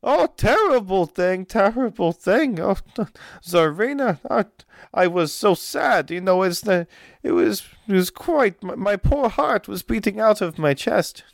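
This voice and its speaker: A woman's voice: medium pitch, expressive, a little slow, creaky, dry recording, clean studio sound, pitched above the performer's own voice. Man putting on a fussy foreign noblewoman. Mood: dramatic. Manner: broken grammar, dramatic and evasive. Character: fussy older noblewoman with thick foreign speech.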